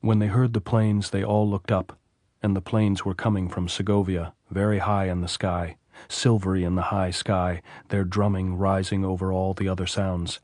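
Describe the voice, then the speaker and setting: A man narrating a classic novel as an audiobook, in a steady, measured reading. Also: low-pitched, no echo, clean studio sound.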